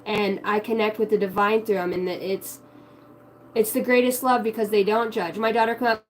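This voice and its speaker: Woman, casual spiritual talk, candid, profane, heartfelt, average pitch. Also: steady tone, normal speed, slight background noise, rough recording. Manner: candid and heartfelt, swears freely; acts out quoted voices in her stories. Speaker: spiritual vlogger.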